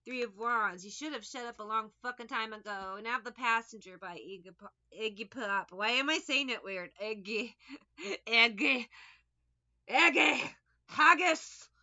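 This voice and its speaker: A woman's voice: a little high, normal speed, pushed and bright, muffled recording. A woman giving a casual tarot reading, rambling, sarcastic and liberal with swearing. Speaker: tarot reader.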